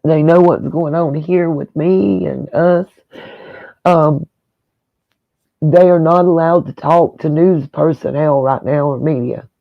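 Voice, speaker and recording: A man's voice: on the high side, steady tone, slow, creaky, dry recording, narrow, tinny audio. A man hosting a casual livestream, talking straight to his viewers in an emotional, rambling way. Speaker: livestream host.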